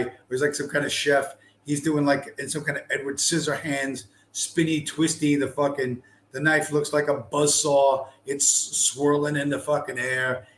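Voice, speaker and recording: Sharing a video on screen, a man in a mid-range, somewhat bright voice offers heavily profane, sarcastic, blunt commentary. Slight background noise is audible, along with the echo and faint ambience of the room.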